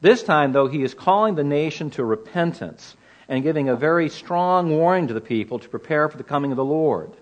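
A man's voice: fairly high pitch, lively intonation, a little fast, muffled recording. A man teaching through a Bible passage in an earnest, emphatic way, often asking rhetorical questions. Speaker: preacher.

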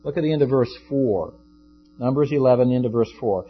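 A man's voice: medium pitch, brisk, slightly rough. A male pastor preaching in an easygoing, conversational storytelling manner, with a mid-range voice. The recording sounds dull and lo-fi, with faint guitar behind him. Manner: conversational, shifts into acted quotes. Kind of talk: sermon.

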